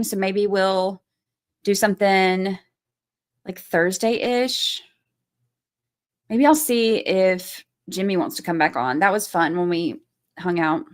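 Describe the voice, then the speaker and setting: A woman hosting a casual livestream, chatting with her viewers, laughing often and drawing out her interjections. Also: medium pitch. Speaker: livestream host.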